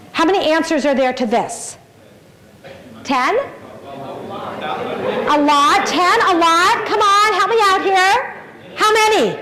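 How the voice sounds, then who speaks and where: A woman's voice: sits high, rough recording. A middle-aged woman giving a conference keynote talk, engaging and often asking the audience questions. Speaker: keynote speaker. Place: large conference hall.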